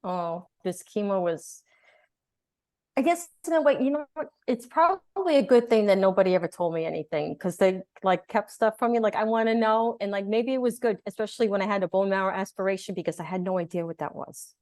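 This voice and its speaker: A woman guest in an interview, telling her story in a lively way and acting out what people said. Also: mid-range voice, fairly quick, no echo, studio quality. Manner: animated storyteller, acts out quotes. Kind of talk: conversational interview.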